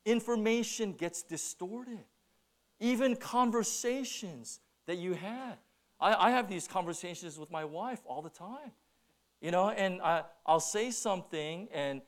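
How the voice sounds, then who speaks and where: A middle-aged man preaching a sermon as pastor, telling stories with many restarts and then slowing down to stress his points. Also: high-pitched. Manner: animated storytelling with many restarts, then slow emphatic preaching.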